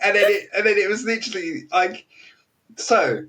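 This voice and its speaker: Chatty British man, high voice, mic a bit far. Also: very animated, normal speed, fairly bright tone, slight background noise. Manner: chatty, laughing storyteller, full of fillers and quoted voices. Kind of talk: casual anecdote telling.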